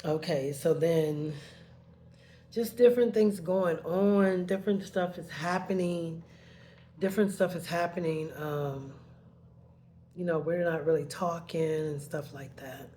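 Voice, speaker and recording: A woman's voice: deep voice, steady tone, a little slow, warm tone, a little hiss or hum. A woman telling a painful personal story in a rambling way, heated at first and then subdued, sometimes tearful.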